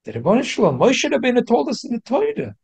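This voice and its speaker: A man's voice: very high voice, wildly swooping pitch, quick pace, vocal fry, darkish tone, husky, pitched above the performer's own voice, heavily acted. A man playing an angry, weary wagon driver who talks in an indignant, demanding way, told as a story in a class.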